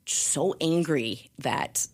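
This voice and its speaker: A middle-aged woman speaking as a guest in a candid conversational interview, earnest and reflective, with halting restarts. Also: sits low. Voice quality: gravelly, husky. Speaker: podcast guest, author.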